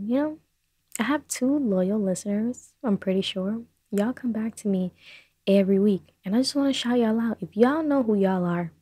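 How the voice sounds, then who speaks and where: A young woman hosting a casual solo podcast from her bedroom, rambling and self-deprecating, talking fast. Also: mid-range voice, warm tone, husky, no echo. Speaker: podcast host. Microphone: desk microphone on a short stand.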